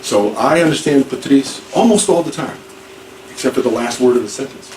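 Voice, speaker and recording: Distant teacher in an echoey classroom. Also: male voice, mid-range voice, animated, a little fast, a little mellow. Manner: informal, repeats and restarts, acts out examples. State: hard of hearing. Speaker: ESL teacher. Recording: echoey room, far from mic, faint noise.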